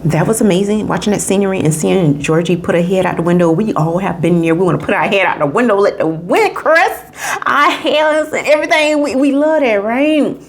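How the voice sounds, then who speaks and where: A woman hosting a casual video review, chatty and gushing, talking straight to her viewers, sometimes dropping to a whisper and sometimes jumping to a squeal. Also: brisk. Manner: drops into hushed whispers and jumps to high squeals. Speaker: movie reviewer and channel host.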